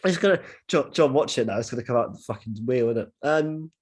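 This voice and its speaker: A man hosting a casual podcast chat, excitable, stumbling over restarts and swearing freely. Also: mid-range voice, quick pace, breathy edge. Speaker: podcast host.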